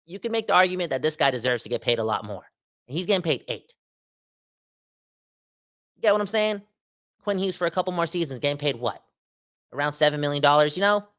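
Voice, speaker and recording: Animated Canadian man hosting a sports podcast. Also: fairly high pitch, fairly quick, pauses often. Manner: animated, slangy, emphatic, repeats for effect. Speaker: podcast host. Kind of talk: casual sports podcast rant.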